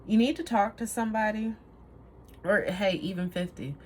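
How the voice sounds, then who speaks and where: A woman's voice: mid-range voice, normal speed, a little mellow, slight background noise. A woman giving a casual tarot reading to camera, rambling, trailing off and laughing at herself. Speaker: tarot reader.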